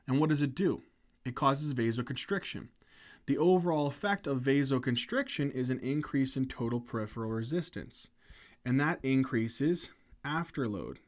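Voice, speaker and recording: A man giving a medical lecture, energetic and conversational, often asking questions and checking in with "right?". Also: medium pitch, moderate pace. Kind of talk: whiteboard lecture.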